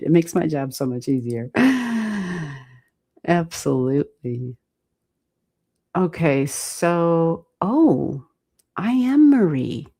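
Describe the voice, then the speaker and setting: An American woman giving astrology readings on a livestream, thinking aloud and chatting with viewers in a relaxed way, with the odd swear word. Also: deep voice, creaky, breathy edge. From United States. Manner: thinks aloud, talks to chat, mild swearing. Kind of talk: casual livestream chat.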